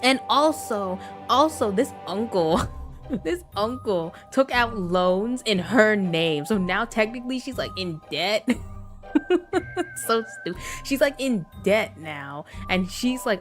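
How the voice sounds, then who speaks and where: A woman's voice: mid-range voice, unhurried, faint music behind. Rambling young woman streamer, laughing often. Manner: rambling and animated, laughing often, with many filler words. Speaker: gaming streamer. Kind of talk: casual livestream chat.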